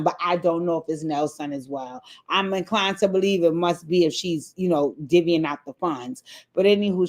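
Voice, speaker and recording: A woman giving a casual, animated recap of a reality TV episode to her viewers, chatty and free with swearing, acting out the people she quotes. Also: lowish voice.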